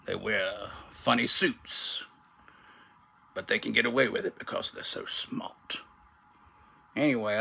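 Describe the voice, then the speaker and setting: A man's voice: medium pitch, creaky, bright, forceful tone, husky. A man hosting a casual comedic vlog from his bedroom, rambling through a story, mocking himself and laughing at his own jokes. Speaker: channel host.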